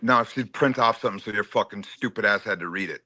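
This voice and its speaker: A man's voice: on the low side, fast talker, pushed and bright. A man in a heated, casual stream chat, taunting and swearing at another panelist. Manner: profane, taunting, confrontational.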